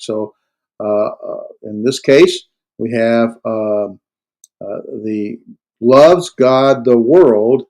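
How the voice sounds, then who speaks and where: A man's voice: mid-range voice, darkish tone, poor audio. A man teaching a Greek grammar class, explaining step by step with many fillers, restarts and hard stress on key words. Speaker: Greek instructor. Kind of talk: classroom lecture. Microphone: recorded lecture.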